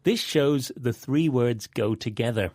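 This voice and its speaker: A man co-hosting a scripted English vocabulary lesson, explaining in a clear, deliberate way. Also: mid-range voice, darkish tone, no echo, clean studio sound. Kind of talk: scripted teaching dialogue.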